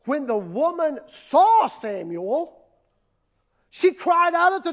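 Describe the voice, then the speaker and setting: High-voiced pastor preaching emphatically. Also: male voice, big pitch swings, slow, fairly bright tone. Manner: emphatic, repetitive preaching with dramatic drops and surges. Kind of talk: sermon.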